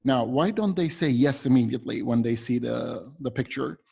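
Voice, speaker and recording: A man's voice: mid-range voice, animated, moderate pace, gravelly, dark tone, breathy edge. A man training teachers, patiently explaining a classroom method step by step and demonstrating words aloud.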